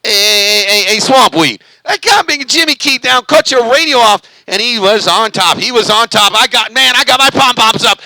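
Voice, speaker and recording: A high-pitched, bright and gravelly man whooping and chanting over a CB radio. His voice is recorded dry and close, with a tense, forceful edge. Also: expressive, normal speed, few pauses, no room sound, poor audio. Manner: hyped, repetitive, cheerleading chants. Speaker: CB radio vlogger. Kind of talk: excited CB radio banter.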